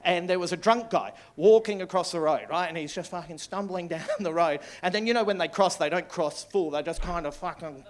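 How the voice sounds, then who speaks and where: An Australian man in his sixties doing live stand-up comedy, rambling and sweary in an excitable storytelling manner. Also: sits high, brisk, hardly any pauses. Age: 60s. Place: comedy club stage.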